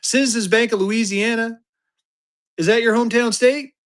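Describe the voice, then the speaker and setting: A man in his fifties running a live-stream auction, talking fast and joking through his patter. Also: very high voice. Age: 50s. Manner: energetic, joking, drawling "y'all" asides.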